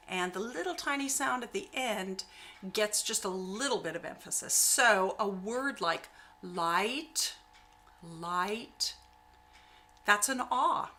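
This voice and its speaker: A woman voice teacher explaining singing vowels, with warm encouragement, often drawing out or singing the sounds she demonstrates. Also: mid-range voice.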